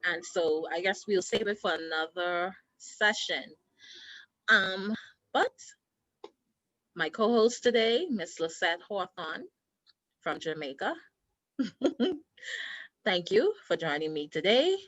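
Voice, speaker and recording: A woman's voice: fairly low pitch, animated, slow, pauses often, a bit bright, dry recording, dull audio. Woman host, eager and agreeing. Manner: enthusiastic agreement. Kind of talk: casual chat.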